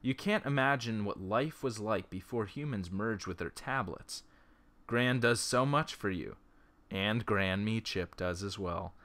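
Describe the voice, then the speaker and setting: Male let's-player reading a text game with jokey asides, bright forceful voice, laptop mic. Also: on the low side, unhurried. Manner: breaks off into joking, laughing side comments. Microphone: laptop's built-in mic.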